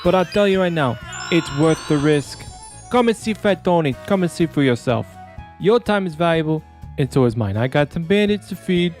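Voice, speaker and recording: A man's voice: a little high, animated, normal speed, darkish tone, faint music behind, lightly acted. A man playing a nervous pizza shop owner on the run in a comedy commercial skit. He rambles and stalls through excuses. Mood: shifty salesman.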